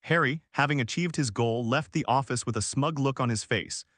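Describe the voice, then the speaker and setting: A man's voice: mid-range voice, normal speed, a bit bright, dry recording. Man narrating a story in a dry, close voice. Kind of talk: audiobook narration of fan fiction.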